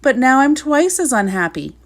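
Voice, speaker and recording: A woman's voice: mid-range voice, big pitch swings, a little fast, gravelly, breathy edge, exaggerated voice. A woman voicing a miserable, weepy king who wails and sobs, in a storybook reading. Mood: wailing. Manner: wailing, sobbing and sniffly.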